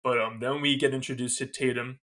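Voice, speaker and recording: A man's voice: medium pitch, flat delivery, a little fast, fairly bright tone. A man co-hosting a podcast, recapping a movie scene by scene in a loose, rambling way, gushing like a fan. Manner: loose and rambling, with many fillers. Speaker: podcast co-host. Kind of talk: casual movie review recap.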